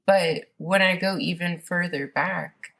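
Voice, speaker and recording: A woman's voice: lowish voice, slow pace, creaky, fairly bright tone. A woman guest on a podcast, telling her story in a rambling, casual way with many fillers and restarts.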